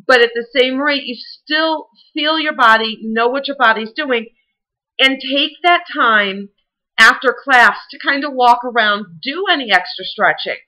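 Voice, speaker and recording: Woman, Southern US accent, fitness instructor, bright tense voice, a bit high, chatty and encouraging. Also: a little slow, rough recording. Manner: chatty and encouraging, many fillers. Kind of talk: casual advice talk to camera.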